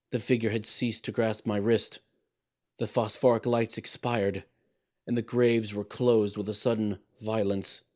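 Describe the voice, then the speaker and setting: A man narrating a gothic story in a measured, theatrical manner, swelling louder on dramatic phrases and dropping soft at their ends. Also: on the low side.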